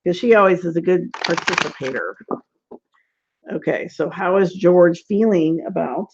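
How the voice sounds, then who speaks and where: Over dull lo-fi webinar audio, a woman runs a casual online tarot lesson, chatty and rambling with plenty of "like"s and laughs. She speaks at a moderate pace in a fairly low, a little mellow voice.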